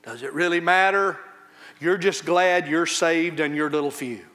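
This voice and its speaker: A man, a pastor, preaching an impassioned sermon in church, swinging between loud high outcries and low, quiet warnings. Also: unhurried.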